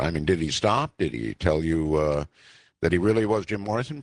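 A man's voice: low voice, lively intonation, normal speed, no room sound, studio quality. A man from Nevada hosting a call-in radio show, asking callers wry questions.

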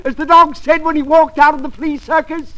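An actor playing a pompous comedian who tells corny puns, in 1940s radio comedy style. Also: male voice, extremely high pitch, fairly even intonation, fairly quick. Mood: hammy. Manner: pompous, delivers puns with flourish. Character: corny pun-telling male comedian Heathcliff. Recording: noisy old radio broadcast.

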